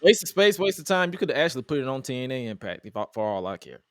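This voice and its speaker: Animated man hosting a wrestling chat. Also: medium pitch, very fast. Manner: animated, acts out quotes with exasperation. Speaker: podcast host. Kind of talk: casual wrestling review chat.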